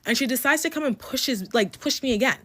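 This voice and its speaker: A young woman in a casual storytime vlog, telling a personal story in a candid, profane and animated way. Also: high-pitched, a little fast. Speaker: storytime vlogger.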